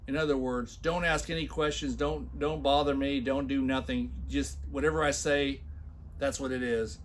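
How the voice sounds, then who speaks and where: A man's voice: medium pitch, fairly even intonation, a little slow. A man talking in a casual commentary video, sarcastic and blunt, often restarting his words. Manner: sarcastic, reads a job post aloud in loud mocking emphasis. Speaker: commentary vlogger.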